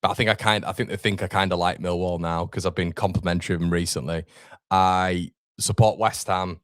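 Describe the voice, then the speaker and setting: A man's voice: low-pitched, fairly even intonation, fairly quick, dry recording, clean studio sound. A young man hosting a live football watchalong, chatting casually with viewers and calling them mate. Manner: chatty, calls viewers mate, reads out chat.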